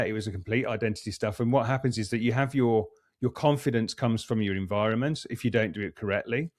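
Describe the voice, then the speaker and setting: On a dry, clean studio recording, a middle-aged man with a fairly low, slightly mellow voice appears as a podcast guest. A coach and performance psychologist, he explains reflectively and earnestly in conversation, frequently restarting and repeating words while thinking.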